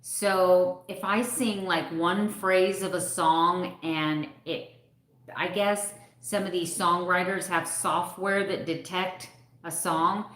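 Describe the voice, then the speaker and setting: A woman's voice: lowish voice, steady tone, slow pace, fairly bright tone. Candid middle-aged woman, echoey room. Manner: candid, emotional storytelling. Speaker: vlogger hosting a live stream. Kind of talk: casual live-stream chat.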